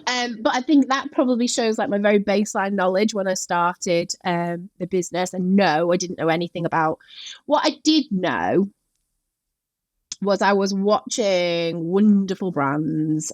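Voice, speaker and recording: A woman from Yorkshire talks about her food brand in a relaxed, eager interview voice. Her pitch sits a little low, and she leans on "um" and "like" as she goes. The recording is dry and close, with no room sound. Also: no room sound. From Yorkshire, England. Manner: enthusiastic, with frequent "um" and "like". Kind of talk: casual interview talk.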